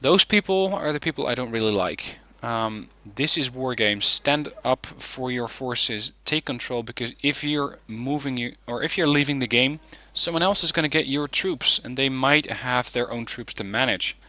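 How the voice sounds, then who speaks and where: A man hosting a gaming channel, giving relaxed, chatty commentary on a game replay with frequent ums. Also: mid-range voice, moderate pace, few pauses, dry recording.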